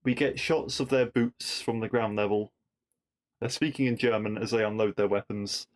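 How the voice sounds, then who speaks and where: A man's voice: lowish voice, steady tone, moderate pace. A man hosting a podcast, casually recapping a TV episode with wry asides and rhetorical questions.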